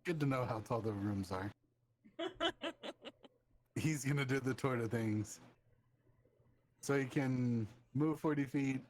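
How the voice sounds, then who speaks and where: A man's voice: mid-range voice, unhurried, darkish tone, slight background noise. A man playing a tabletop game, talking in an amused, joking way. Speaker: player. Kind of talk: casual tabletop play.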